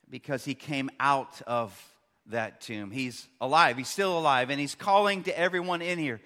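A pastor in his thirties preaching a sermon, swinging between loud, emphatic peaks and quiet, hushed stretches. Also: fairly high pitch, measured pace. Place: large church hall. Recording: long church hall reverb.

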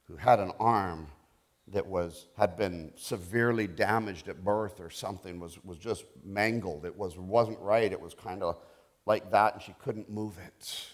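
A middle-aged male pastor preaching a sermon, telling a testimony softly and rising to loud, impassioned declarations. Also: low-pitched, measured pace. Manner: quiet storytelling building to loud, impassioned declarations.

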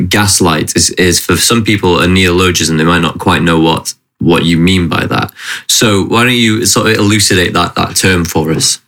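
A male interviewer with a very low voice asks thoughtful questions. He hesitates often and fills his pauses with ums and uhs. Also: fairly bright tone. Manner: hesitant, with many fillers.

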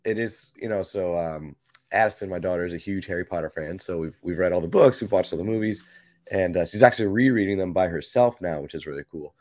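A man's voice: low-pitched, fast, darkish tone, dry recording. A man, a father, chatting casually on a podcast and telling anecdotes, acting out what people said. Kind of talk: casual chat.

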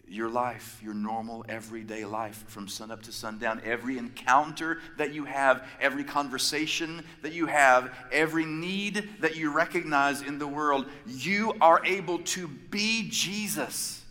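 Bright-voiced preacher in a reverberant hall. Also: male voice, mid-range voice. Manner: emphatic, builds with repeated phrases and pauses. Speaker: pastor. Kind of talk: sermon. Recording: long reverb of a large hall.

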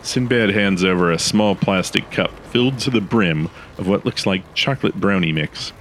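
A man narrating a comedic audio drama in a dry, deadpan style. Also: low voice, moderate pace, slight background noise.

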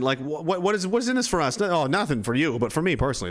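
A middle-aged man rants on his podcast stream, swearing freely and slipping into mocking voices for the people he quotes. His voice sits a little high for a man. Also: rapid-fire, hardly any pauses. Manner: profane, animated, acts out quoted voices. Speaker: podcast host reading chat. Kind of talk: casual livestream rant.

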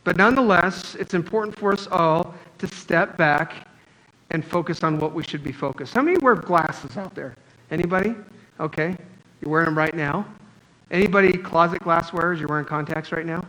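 A man's voice: a little high, normal speed, a bit bright, low-quality recording. A man preaching a sermon as pastor, talking in a conversational, joking storytelling way. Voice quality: wears glasses, astigmatism.

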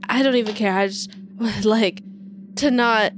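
A woman's voice: a little high, steady tone, moderate pace. A woman playing a tabletop game, chatting casually, giggly and apologetic. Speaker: player.

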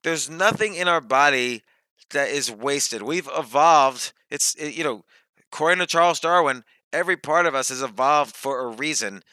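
A man who is a podcast guest and author, thinking out loud with examples and questions he puts to himself. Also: on the high side, lively intonation, normal speed, smooth, no echo, poor audio. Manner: thoughtful, explains with examples and self-questions. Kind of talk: reflective podcast conversation.

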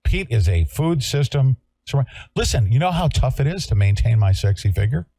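A man hosting a talk show with a gravelly, husky voice that swings widely in pitch. He rants in a combative, sarcastic way. The sound is close and dry. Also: sing-song, a little fast, no echo. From California. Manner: loud, combative, sarcastic ranting. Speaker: show host. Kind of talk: heated talk-show rant.

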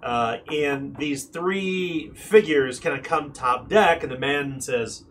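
A man running a tabletop game as game master, describing scenes in an animated way with frequent fillers. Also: on the high side, takes it slowly, hardly any pauses.

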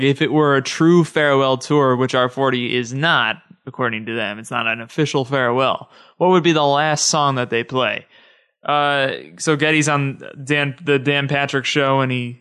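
A man's voice: mid-range voice, fairly bright tone. A man hosting a podcast alone, talking to listeners in a chatty, easygoing way. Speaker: podcast host. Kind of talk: casual solo podcast monologue.

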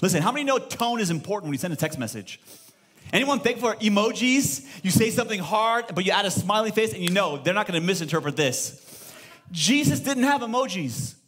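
A man with a high voice preaches to his congregation. He is emphatic and lively, firing rhetorical questions at the room and pressing each point home. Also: a little fast, breathy edge. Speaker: pastor. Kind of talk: sermon. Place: church service before a live congregation.

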